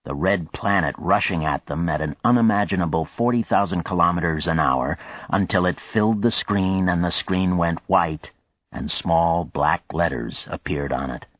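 A man with a very low voice reads a novel in a measured, steady narration. The recording is dry and close, with a slightly dull, muffled top end. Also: dry recording. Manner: measured, even storytelling. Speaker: audiobook narrator. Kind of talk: scripted narration.

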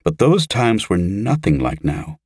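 Deep male audiobook narrator, steady measured reading, dry close sound. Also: breathy edge, dry recording. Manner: measured and even.

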